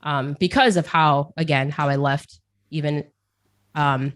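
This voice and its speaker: A chatty woman talking in a casual interview, her voice sitting a little low. She rambles, laughs often and repeats herself as she works through her thoughts. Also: fairly even intonation, unhurried. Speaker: esports caster, podcast guest.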